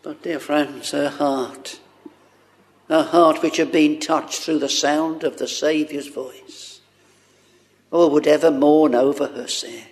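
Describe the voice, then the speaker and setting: A man preaching a sermon, speaking haltingly with many fillers and fervent exclamations. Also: on the high side, steady tone.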